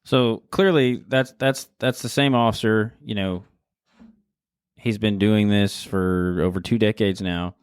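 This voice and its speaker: A man with a fairly low voice hosts an interview, speaking candidly with plenty of fillers. The sound is dry and close, with no room around it. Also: fairly even intonation, a little slow, clean tone, no echo. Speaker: podcast host. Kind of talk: casual interview commentary.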